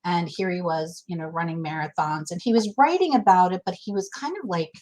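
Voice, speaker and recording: Candid woman telling her story, low voice. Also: fairly quick, a little mellow, low-quality recording. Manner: candid, emotional storytelling with many restarts. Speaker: guest. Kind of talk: casual interview chat.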